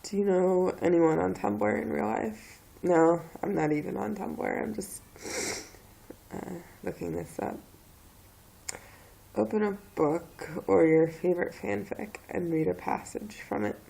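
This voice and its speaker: A young woman vlogger from the Philadelphia area, with a southeastern Pennsylvania accent, records a casual accent-tag video while she has a cold and sounds a bit stuffy. Her voice is lowish, mellow, and animated with vocal fry, and she speaks hesitantly and haltingly with many fillers. The recording is rough.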